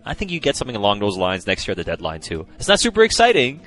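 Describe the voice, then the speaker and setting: A man co-hosting a casual podcast chat, talkative and quick to laugh. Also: lowish voice, faint music behind. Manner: laughs often, chatty, lively. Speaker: podcast co-host, hockey analyst.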